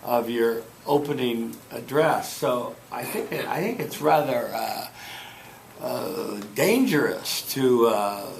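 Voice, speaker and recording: A man's voice: mid-range voice, slow, creaky. A man teaching a debate class, giving chatty, digressive feedback to students. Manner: chatty, digressive, animated asides. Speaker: debate instructor. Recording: noisy classroom recording.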